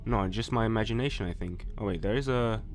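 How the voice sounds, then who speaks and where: A man's voice: lowish voice, fast. A man commentating a horror game playthrough, jumpy and nervous, talking himself through scares and speaking directly to viewers and game characters. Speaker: gaming YouTuber.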